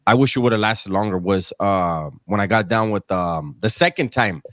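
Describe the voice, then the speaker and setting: A man hosting a casual livestream, telling stories in an animated way and answering chat comments. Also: on the low side, moderate pace, no room sound, clean studio sound. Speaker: livestream host.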